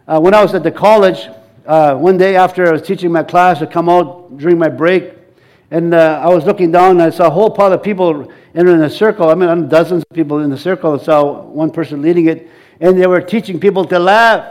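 A middle-aged man preaching with a high-pitched voice. He is animated and laughs often, leading the congregation in laughter. He circles back and restarts his phrases as he builds his point. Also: fairly quick. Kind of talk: sermon.

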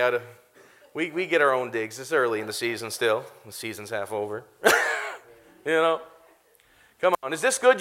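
A pastor in his thirties with a fairly high voice preaches to a live congregation. He is animated and often laughs as he speaks directly to them.

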